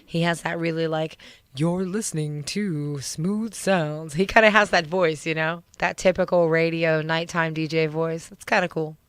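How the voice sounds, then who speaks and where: A woman's voice: deep voice, flat delivery, normal speed, few pauses, fairly bright tone, clear, resonant tone, dry recording. A middle-aged woman hosting a radio show, chatting casually and teasing her guest. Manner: chatty, teasing, laughs easily. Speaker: radio DJ host.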